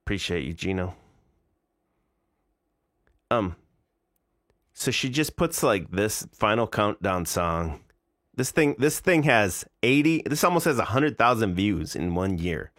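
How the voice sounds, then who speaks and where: A man's voice: lowish voice, very animated, a little slow, pauses often, a bit bright, no room sound, studio quality. A man in his forties streaming live, reacting to videos in casual, incredulous, mocking commentary. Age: 40s.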